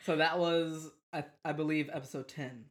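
A young man co-hosting a casual podcast, laughing often and speaking in halting, broken-off phrases. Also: on the high side, fairly even intonation. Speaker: podcast co-host. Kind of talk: casual chat.

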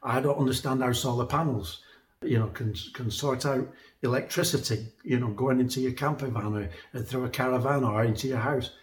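A man's voice: mid-range voice, fairly even intonation, fairly quick. A man preaching a sermon in an earnest, conversational way, often repeating words as he builds a point. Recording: echoey room.

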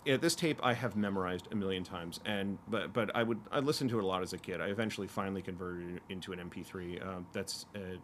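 A man in his fifties with a very low voice, chatting casually and rambling through childhood stories with plenty of fillers and restarts. Faint ambience sits under his voice. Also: fast, few pauses, fairly bright tone, a little hiss or hum. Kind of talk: casual chat.

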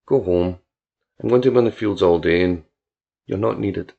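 A young farm woman stays cool and teasing, her lines soft and unbothered, read by a man. The voice carries a gravelly edge. The recording sounds dull and lo-fi. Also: low voice, normal speed, voice pushed down. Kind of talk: audiobook character reading.

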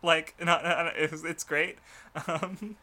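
A young man with a bright, slightly high voice, rambling through a casual podcast chat. He fills his sentences with hesitations and restarts and laughs often as he talks. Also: steady tone, takes it slowly. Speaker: podcast co-host.

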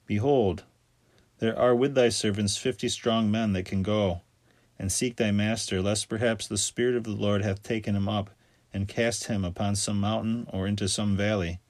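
A man reading scripture aloud in a steady, measured recitation. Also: fairly low pitch, dry recording. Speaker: scripture reader.

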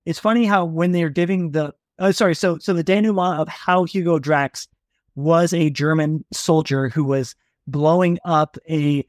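A man's voice: a little high, fairly even intonation, normal speed, no room sound, studio quality. A man co-hosting a podcast, talking casually about a novel, rambling with frequent restarts and easy laughter. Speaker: podcast co-host. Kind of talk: casual book discussion.

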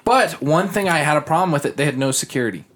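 A man's voice: a little high, fast. A young man chatting casually on a podcast, telling a story with lots of swearing and acted-out quotes. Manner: animated, profane, acts out quotes. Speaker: podcast host.

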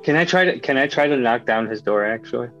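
A man playing a tabletop game, talking casually and jumping into excited character lines, with faint guitar music behind. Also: mid-range voice, fast talker, highs cut off. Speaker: player.

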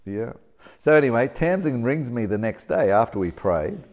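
A man preaching a sermon as a lively, story-driven talk with frequent restarts. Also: medium pitch, normal speed.

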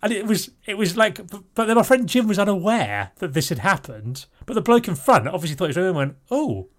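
A man's voice: high-pitched, very animated, quick pace. A middle-aged man casually telling a rambling story on a podcast, correcting himself as he goes and breaking into laughter.

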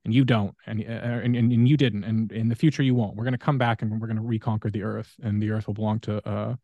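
A man's voice: lowish voice, fairly even intonation, fast, no room sound, narrow, tinny audio. A man voicing menacing male lizard beings who boast that they will reconquer the earth, in a retold podcast anecdote. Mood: gloating.

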